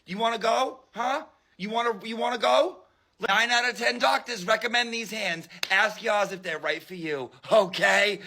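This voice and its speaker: A man's voice: sits high, normal speed, gravelly, sharp tone, exaggerated voice. A man playing a brash, bossy woman judge, in a sassy, scolding, wisecracking parody sketch. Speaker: comedian.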